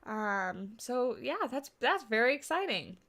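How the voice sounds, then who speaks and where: A woman's voice: fairly high pitch, sing-song, measured pace, a bit bright. A woman hosting a game livestream, chatting casually with her viewers, answering their questions and laughing often. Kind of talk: casual livestream chat while building in a game.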